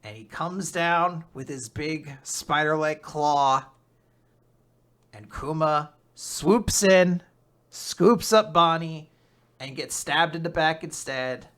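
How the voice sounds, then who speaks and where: A podcast host casually recapping a manga chapter, animated and swearing freely. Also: mid-range voice, slow.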